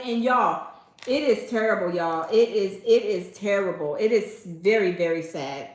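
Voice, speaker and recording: A woman in a mid-range, expressive voice at normal speed runs a casual commentary stream, addressing viewers as y'all and emphatically repeating herself. The sound is roomy and the recording low quality.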